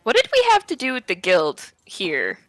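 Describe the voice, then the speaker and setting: Female player, animated and unhurried, giggly, dry close sound. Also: mid-range voice, dry recording. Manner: giggly, playful. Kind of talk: casual chat at a tabletop game.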